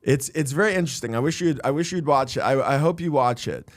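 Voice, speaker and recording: A man's voice: mid-range voice, quick pace, dry recording. Man telling rambling comedy stories. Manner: rambling anecdotal storytelling. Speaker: comedian and podcast host. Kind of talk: casual podcast chat.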